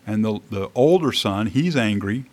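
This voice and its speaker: A man's voice: fairly low pitch, lively intonation, normal speed. A man preaching a sermon in a church, reading scripture aloud and commenting on it in a conversational way. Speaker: pastor. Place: church sanctuary.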